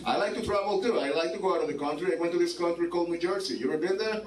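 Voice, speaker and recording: Guy doing standup at a bar, kinda high voice, swears a lot, says man every line, mic sounds far off. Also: very fast. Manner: profane, rambling, repeats "man" and "like". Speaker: stand-up comedian. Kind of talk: stand-up set. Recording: roomy bar from afar, crowd noise.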